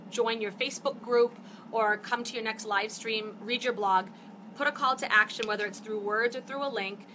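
A woman's voice: fairly high pitch, noisy background. A woman in her fifties, host of a live stream, talking casually and chattily to viewers and getting fired up as she goes. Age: 50s. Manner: chatty, animated, gets fired up. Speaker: network marketing host. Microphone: phone or webcam for a live stream.

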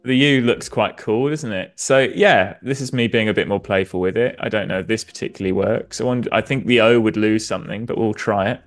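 A man's voice: lowish voice, a little fast, hardly any pauses. A man from southwest England with a West Country accent, a designer and comedian chatting playfully and self-mockingly while demonstrating design on a live stream. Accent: West Country English.

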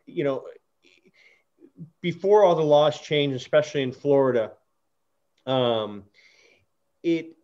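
Earnest rambling American host, muffled sound. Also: male voice, mid-range voice, a little mellow. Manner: earnest storyteller, many restarts and fillers. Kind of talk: casual interview chat.

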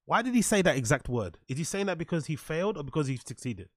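A man's voice: on the high side, big pitch swings, fast, a bit bright, dry recording, clean studio sound. A man reacting to podcast clips with sarcastic, mocking commentary, swearing and answering his chat. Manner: sarcastic, swears a lot, reads chat aloud. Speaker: commentary streamer.

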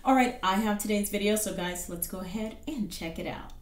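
A woman's voice: mid-range voice, brisk, echoey room. A woman hosting a reaction video, chatting casually to camera, exclaiming often and laughing a lot. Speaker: reaction channel host.

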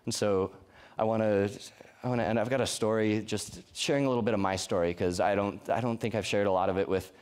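A man's voice: lowish voice, steady tone, a little fast, hardly any pauses, a little mellow, clear, resonant tone. Earnest young man preaching to a youth group. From Colorado. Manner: earnest, conversational preaching with frequent restarts. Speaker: youth pastor. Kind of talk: sermon. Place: church youth service.

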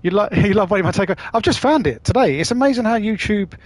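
A man's voice: high-pitched, animated, fast talker, dry recording. A man chatting casually on a live stream while playing, laughing often and swearing freely.

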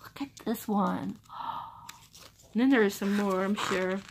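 A young woman unboxing a book subscription box in casual chat, gushing and excitable. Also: mid-range voice, a little slow, slight background noise. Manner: gushing, excitable, repeats "oh my gosh".

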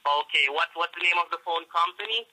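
A man with a Jamaican accent rants and threatens down the phone, swearing at nearly every turn. His voice sits a little high and rings very bright and sharp. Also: fairly quick, a little hiss or hum, poor audio. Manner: profane, threatening, ranting. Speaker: phone scammer. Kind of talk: angry phone call.

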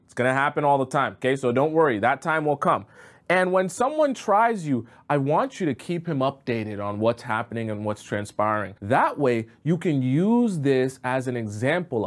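A man hosting a relationship advice video, speaking emphatically and instructively. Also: on the high side. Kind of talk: direct-to-camera advice monologue.

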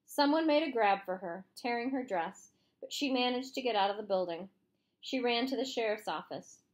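A woman narrating a chapter of a novel aloud, expressive storytelling reading. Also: a little high, moderate pace. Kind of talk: audiobook reading.

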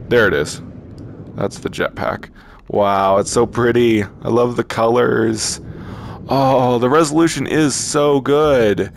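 A man commenting on a virtual reality game as he plays it, talking slowly and haltingly and gushing over the sights. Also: fairly low pitch, creaky, slight background noise. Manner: slow, halting, awestruck. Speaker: gaming YouTuber. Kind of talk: VR gameplay commentary.

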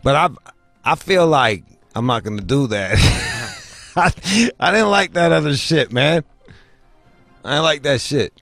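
A man hosting a podcast, telling crude comic stories full of swearing and jumping into high squeaky voices to act out other people. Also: takes it slowly, pauses often, no room sound, soft background music. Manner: profane, animated, mimics people in high voices. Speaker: podcast host. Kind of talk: crude comedic storytelling.

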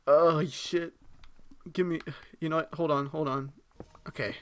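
A man giving live, excitable gameplay commentary, talking to himself, swearing and reacting loudly as he plays. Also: fairly high pitch, a little slow, no echo.

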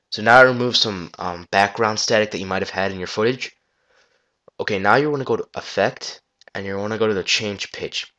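A man's voice: lowish voice, bright, forceful tone. Rambling man on a lo-fi headset. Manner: rambling, loose, swears and restarts. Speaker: tutorial maker. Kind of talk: casual screen-recorded software tutorial. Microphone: gaming headset.

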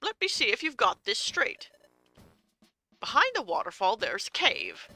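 Woman doing a pompous male bird, high and bossy, lively swoops, bright edge, faint game music. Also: unhurried, creaky, exaggerated voice. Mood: questioning. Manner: bossy, emphatic, formal. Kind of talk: reading game dialogue aloud.

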